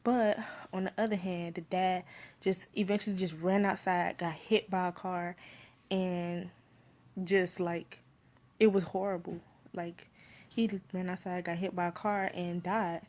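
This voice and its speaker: A woman's voice: fairly low pitch, unhurried. Chatty Miami woman rambling about a film. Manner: rambling, heavy use of "like" and "you feel me"; animated when retelling scenes. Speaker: movie reviewer. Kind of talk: casual spoken film review.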